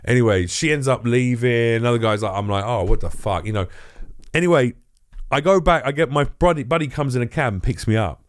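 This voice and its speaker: A middle-aged comedian tells a wild story casually, swearing freely and acting out the other people's voices. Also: male voice, medium pitch, brisk, clean tone. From England. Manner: profane, animated, acts out quoted voices. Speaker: comedian guest.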